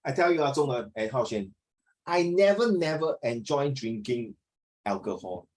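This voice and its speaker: A middle-aged man with a Singaporean English accent teaches an online class over a video call, telling stories in a chatty, animated way and slipping into Mandarin. His pitch is medium and his speed normal. The recording quality is low.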